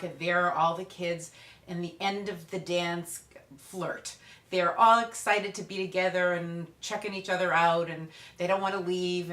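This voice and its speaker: A woman parenting expert telling lively anecdotes about parents and teenagers in a storytelling talk. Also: lowish voice. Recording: echoey room.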